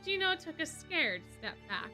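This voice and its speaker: A woman streamer reading fan fiction aloud in an expressive way. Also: high voice, measured pace, faint music behind. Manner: expressive, laughing asides.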